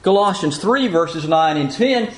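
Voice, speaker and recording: A man preaching a sermon, asking rhetorical questions and reading scripture aloud slowly and deliberately. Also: fairly high pitch, lively intonation, poor audio.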